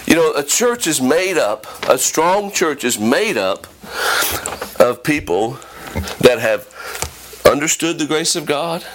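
High-voiced man preaching fervently. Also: animated, slow pace, a little hiss or hum. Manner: fervent, rising pitch when quoting. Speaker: pastor. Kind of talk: sermon.

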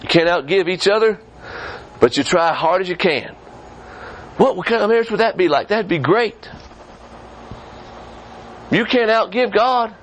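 A man preaching a sermon as pastor of a church, swinging from quick high rises down to low, slow stretches. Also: expressive, slight background noise, poor audio. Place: church sanctuary.

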